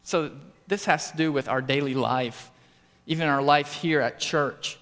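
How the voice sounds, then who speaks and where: A man preaching in an earnest sermon style, his slightly high voice climbing for stressed points and sinking low for quiet ones. The sound carries a long reverb, as from a church hall. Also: measured pace. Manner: earnest preaching, rising to emphatic peaks and dropping low. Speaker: pastor.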